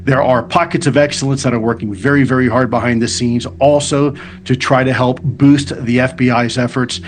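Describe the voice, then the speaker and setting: A man speaking as a guest in a TV news interview, measured and formal. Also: mid-range voice, fairly even intonation, slight background noise.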